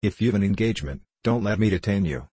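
A man's voice: lowish voice, lively intonation, fast talker, warm tone, slightly rough, no room sound. A man voicing a huge, bad-tempered flying rock monster in a storybook, talking harshly through clenched teeth in a reproachful, grumbling way.

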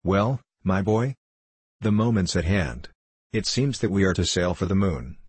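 A cheerful, devoted young manservant, as a narrator puts him on, earnest and eager in every word. The voice is low and a little husky, recorded close and dry for a storybook reading. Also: male voice, animated, measured pace, darkish tone, dry recording, full character voice. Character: cheerful loyal young male servant.

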